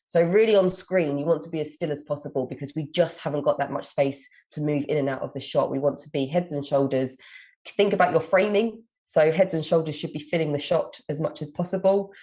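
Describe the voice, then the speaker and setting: A young British woman with a low, mellow voice works as a communication coach, answering listener questions in a live Q&A. She reads each question aloud, then gives long, encouraging advice.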